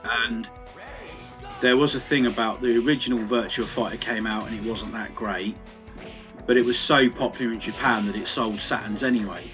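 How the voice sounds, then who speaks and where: A man's voice: medium pitch, steady tone, normal speed, fairly bright tone, faint music behind. A man in casual chat, explaining retro console details hesitantly with frequent fillers. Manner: knowledgeable, hesitant with fillers, laughs often.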